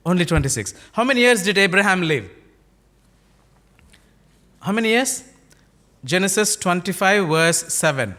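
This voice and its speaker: A man's voice: high-pitched, lively intonation, moderate pace, long pauses, sharp tone. A male pastor with an Indian English accent preaching a sermon, telling stories and acting out their dialogue, often asking the congregation rhetorical questions. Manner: storytelling, acting out dialogue in varied voices.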